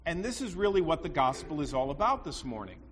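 A man gives a sermon in a conversational, storytelling manner, turning to his listeners with asides. His voice sits slightly high. The room has a long echo and a faint hiss behind it. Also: sing-song, fast talker. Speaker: preacher. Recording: long reverb, faint background noise.

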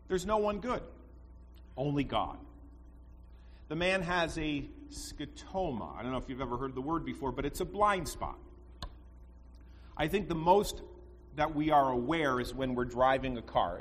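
A man gives a sermon in a conversational, storytelling manner, turning to his listeners with asides. His voice sits slightly high. The room has a long echo and a faint hiss behind it. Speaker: preacher. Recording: long reverb, faint background noise.

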